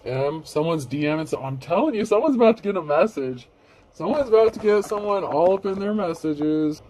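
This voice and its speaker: A man's voice: fairly high pitch, animated, fairly quick, a little mellow, slight background noise. Rambling blunt man reading tarot. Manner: rambling, blunt, swears freely. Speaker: tarot reader.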